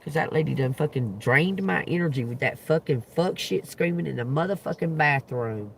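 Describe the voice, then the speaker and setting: Man, high bright tense voice, profane and animated, with loud bursts. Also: moderate pace, creaky, a little hiss or hum. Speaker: tarot reader livestreamer. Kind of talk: casual livestream rant.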